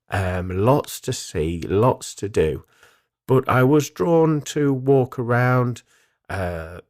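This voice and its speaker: Calm low-voiced man telling a story. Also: no room sound, studio quality. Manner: calm, reflective, with frequent ums. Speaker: spiritual medium and radio host. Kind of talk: solo radio talk, personal storytelling.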